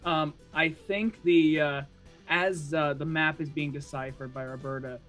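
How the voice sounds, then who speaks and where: A man improvising a tabletop adventure scene, halting often with fillers. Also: fairly high pitch, fairly even intonation, fairly bright tone, soft background music. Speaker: player.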